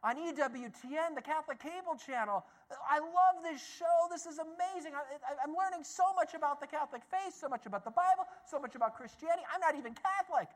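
An eager male passenger on a plane, friendly yet intense, as a man acts him out, with a raised, excited voice that gushes, then presses his point. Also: high voice, quick pace, few pauses. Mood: gushing. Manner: gushing, excited, then insistent.

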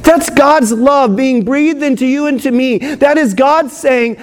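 A male priest giving an excited, emphatic homily in church, drawing out key phrases slowly. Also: extremely high pitch. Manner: excited, emphatic preaching with slow drawn-out phrases.

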